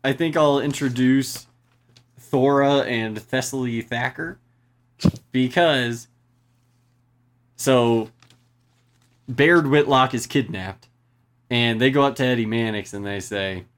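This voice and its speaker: A woman co-hosting a casual chat, retelling film scenes and slipping into quick voice impressions. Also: a bass voice. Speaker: podcast co-host.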